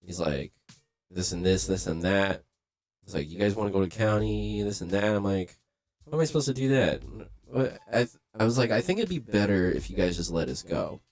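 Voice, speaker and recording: A man's voice: deep voice, lively intonation, a little fast, a little mellow, no room sound. A young man telling a story in casual, profane talk, acting out the voices of the people he quotes. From Los Angeles. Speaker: livestream host.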